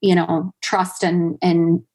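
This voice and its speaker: A woman's voice: lowish voice, level tone, takes it slowly, darkish tone. A woman in her thirties, a podcast guest telling a personal story in a chatty way, full of fillers and quoted asides. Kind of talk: conversational storytelling.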